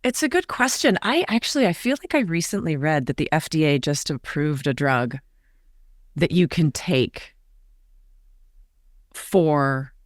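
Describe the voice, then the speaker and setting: A woman's voice: low-pitched, measured pace, long pauses, no room sound, studio quality. A woman in her forties, a podcast guest, telling a candid personal story in an earnest, confiding way. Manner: earnest, confiding, animated retelling with quoted voices.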